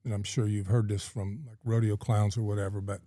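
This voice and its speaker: A man's voice: on the low side, flat delivery, a little fast, dark tone, no room sound, studio quality. A middle-aged man from California, a podcast guest telling a long story in a folksy, rambling way with plenty of ums and uhs. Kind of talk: casual storytelling in a podcast interview.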